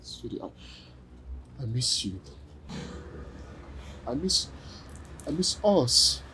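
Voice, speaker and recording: A pleading Nigerian husband, noisy background. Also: male voice, mid-range voice, sing-song, slow. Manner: soft, pleading. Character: remorseful husband pleading with his wife. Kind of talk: film drama.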